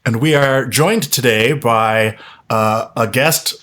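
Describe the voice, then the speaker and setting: A man hosting a podcast, relaxed and friendly, and he laughs easily. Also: medium pitch, slow pace. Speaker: podcast host. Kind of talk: casual chat.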